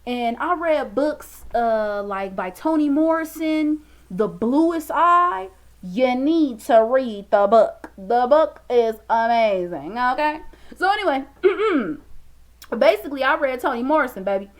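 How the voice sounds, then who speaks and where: A young woman talking casually to her viewers in a motivational monologue, chatty and expressive, calling them "baby" and "y'all". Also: sits high, slow pace. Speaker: vlogger.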